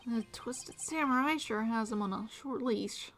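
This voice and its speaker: A woman's voice: a little high, measured pace, a bit bright. A woman streamer giving casual, wry, joking commentary on a game, sometimes swearing, with faint music behind.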